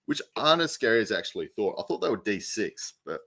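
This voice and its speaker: A man's voice: on the low side, very animated, fast, bright, forceful tone, slightly rough, dry recording. A man co-hosting a podcast in casual chat, rambling through details with many fillers and restarts. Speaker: podcast co-host.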